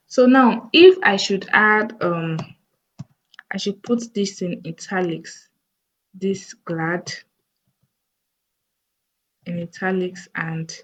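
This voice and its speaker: Slow-paced woman explaining code. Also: on the low side, husky. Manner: slow, thinking aloud while typing. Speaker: coding tutor. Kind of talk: screen-recorded coding tutorial.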